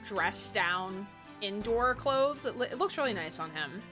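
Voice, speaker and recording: A woman's voice: mid-range voice, expressive, measured pace, over music. A woman streaming a game, giggling, swearing freely and voicing characters in playful commentary.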